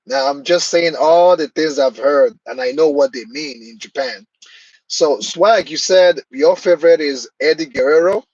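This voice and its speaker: A man's voice: a little high, moderate pace, darkish tone, dry recording, highs cut off. A man hosting a live stream, chatting casually and answering viewers' comments by name.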